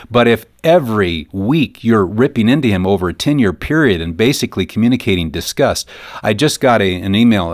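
A man with a lowish voice talks earnestly about parenting in a radio interview. His sound is close and dry, with no room in it. He slips into quoted voices as he tells his stories. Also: no room sound. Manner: earnest, acts out quoted mothers and sons. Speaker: guest author on parenting.

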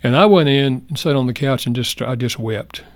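An older man telling a personal story as a guest in a radio interview, speaking earnestly and reflectively, going soft at the tender parts. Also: mid-range voice, normal speed, dry recording. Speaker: guest, marriage counselor.

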